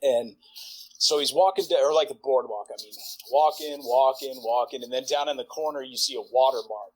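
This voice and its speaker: A man in his forties, a podcast guest, telling a long profane anecdote in a rambling way full of "like" and quick laughs. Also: mid-range voice, husky, rough recording. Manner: rambling, profane, filler-heavy, laughs mid-sentence. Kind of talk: casual storytelling anecdote.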